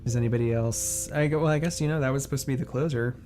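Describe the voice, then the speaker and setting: A player chats in a quick, offhand way at the game table. The voice is of middle pitch. Faint music plays behind it. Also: warm tone. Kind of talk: casual chat at a game table.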